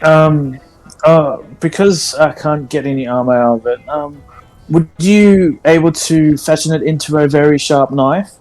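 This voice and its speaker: A man's voice: on the high side, measured pace, darkish tone, soft background music, poor audio. A man playing in a tabletop game, talking hesitantly with many ums and restarts. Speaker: player. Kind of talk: casual tabletop role-play.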